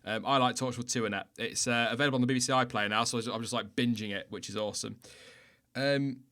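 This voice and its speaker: A man's voice: medium pitch, steady tone, fast, sharp tone. A British man hosting a livestream in casual chat, chatty and self-mocking, laughing often. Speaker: livestream host.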